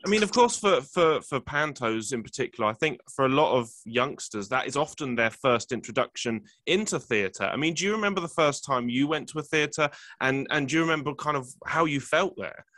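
A man's voice: medium pitch, animated, fairly quick, hardly any pauses, fairly bright tone, dry recording. A man hosting an interview, asking eager questions and repeating words as he shapes them. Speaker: interviewer, host.

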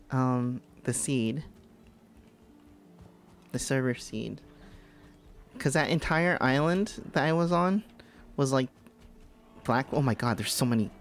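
A man doing live gameplay commentary as a VTuber streamer, excitable and giggly, panicking and repeating words in bursts. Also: medium pitch.

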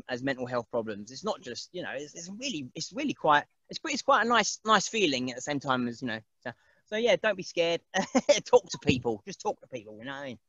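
A man's voice: a little high, a bit bright, no room sound, highs cut off. A man, chatting casually as an interview guest, rambling and laughing often and mimicking other people's voices. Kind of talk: casual chat.

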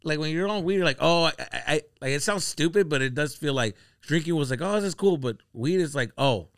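A man on a comedy podcast telling a story casually, acting out his friends' lines with big jumps in pitch. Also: a little fast, smooth, no room sound, studio quality. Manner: animated, acts out quoted friends with sudden jumps in pitch.

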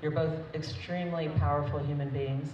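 Her voice sits low and steady at a moderate pace as the groom's mother gives a chatty, emotional, improvised toast, laughing often. The sound is picked up from far away in a dull, echoey wedding reception hall full of crowd noise.

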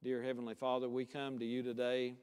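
A male pastor preaching a sermon with emphatic, repeated calls to commitment, easing into a quiet prayer. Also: mid-range voice, completely flat delivery, brisk, smooth. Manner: impassioned preaching with rising emphatic repetition, then quiet prayer. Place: church sanctuary. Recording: long church-hall reverb.

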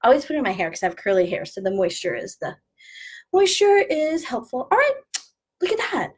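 A woman's voice: high-pitched, big pitch swings, brisk, slightly rough. A woman, a former flight attendant chatting casually through an unboxing review and sharing travel tips. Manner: chatty, jokey, explains tips.

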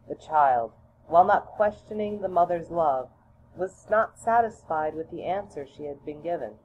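A woman reading a children's storybook aloud in a slow, deliberate manner. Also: on the low side, animated. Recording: tinny phone-like audio, faint hiss.

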